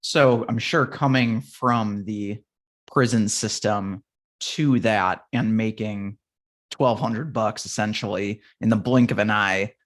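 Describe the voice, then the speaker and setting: A man hosting a podcast interview, summing up the guest's story in a measured way. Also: fairly low pitch, fairly even intonation. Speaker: podcast host. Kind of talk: interview question.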